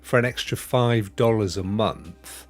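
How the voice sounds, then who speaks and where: A man on a gaming news panel, talking casually in a lively, teasing way and making his points with hypotheticals. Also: lowish voice, a little slow, soft background music.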